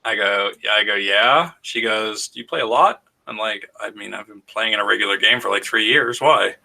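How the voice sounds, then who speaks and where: A man's voice: lowish voice, moderate pace, vocal fry. A man co-hosting a podcast, telling stories in casual chat and acting out the voices he quotes. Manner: animated storyteller, acts out quoted voices. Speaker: podcast co-host.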